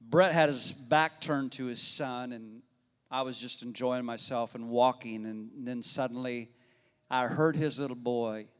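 A man preaching to his congregation in a relaxed, folksy way, mixing story and prayer. His voice sits at an ordinary middle pitch. The sound carries the long, ringing reverb of a large church hall. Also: unhurried, clear, resonant tone. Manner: conversational, folksy, addresses the congregation directly. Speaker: pastor. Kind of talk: sermon with storytelling. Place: church sanctuary.

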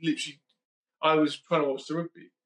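A British man hosts a podcast, chatting casually in a fast, flat, slightly high and somewhat bright voice. He rambles with lots of ums and self-corrections, and the recording sounds roomy.

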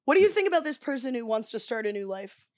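A woman's voice: fairly high pitch, big pitch swings, fast, a little mellow, no room sound, clean studio sound. Playful woman podcast co-host. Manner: playful, giggly banter. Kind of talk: casual podcast banter.

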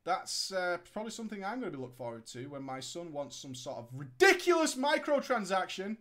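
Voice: medium pitch, very animated, brisk, a bit bright. A storyteller reading a gaming story aloud and riffing on it sarcastically, swearing and laughing at it. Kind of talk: comedic story reading with commentary.

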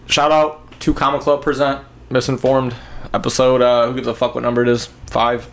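A man's voice: mid-range voice, little pitch movement, brisk, a bit bright. Joking man hosting a podcast. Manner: loose, joking, swears freely. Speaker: podcast host. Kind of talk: casual podcast banter.

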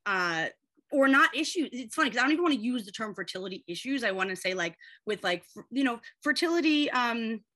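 A woman's voice: on the high side, lively intonation, a little fast, sharp tone. A woman guest on a podcast, an astrologer and comedian chatting casually, joking, swearing and rambling.

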